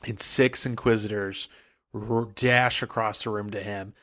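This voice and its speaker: A man's voice: on the low side, steady tone, a little slow, bright, forceful tone. Rambling male podcast co-host. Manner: rambling, lots of "like" and "um". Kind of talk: casual book recap.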